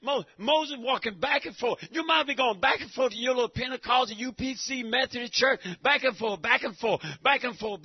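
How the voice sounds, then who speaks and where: A high, husky male voice preaching hard, with bursts of shouting that fall back into low, half-laughed muttering. The recording is dull and lo-fi. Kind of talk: fiery sermon.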